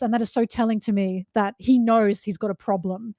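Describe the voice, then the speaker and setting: Woman, co-host, excited fan chat, emphatic, laughing, fairly high voice, dry close sound. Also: fairly quick, no room sound. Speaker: podcast co-host.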